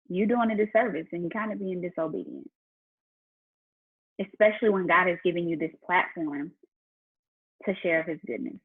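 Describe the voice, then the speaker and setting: Husky-voiced woman chatting on a livestream. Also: fairly low pitch. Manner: chatty and faith-driven, talking straight to viewers. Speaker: entrepreneur and business mentor. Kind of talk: casual livestream Q&A chat. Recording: tinny phone-like livestream audio.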